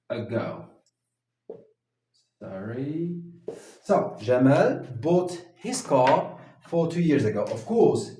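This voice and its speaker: A man teaching an English grammar lesson at a whiteboard, talking slowly and haltingly, with many fillers and restarts. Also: medium pitch, warm tone, far from the mic. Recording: echoey room, voice from off the mic.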